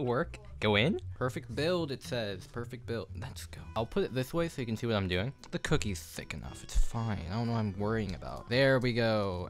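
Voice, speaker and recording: Young male vlogger, animated swings in pitch, self-deprecating and sweary, phone audio in a home kitchen. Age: young adult. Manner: flustered, self-mocking, swears often. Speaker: YouTuber. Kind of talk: casual vlog commentary while building. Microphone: phone camera.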